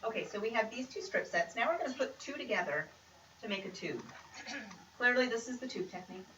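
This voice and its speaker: A woman's voice: fairly high pitch, animated, fairly quick, fairly bright tone. A woman presenting a quilting demonstration in a casual, chatty way with upbeat asides. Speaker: quilt pattern designer presenting. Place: creative center studio. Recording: roomy, distant, noisy room sound.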